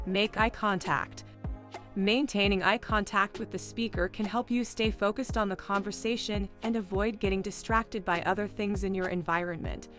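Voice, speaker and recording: Woman reading an evenly paced lesson. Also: medium pitch. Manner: measured, list-like reading. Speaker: narrator. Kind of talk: scripted narration.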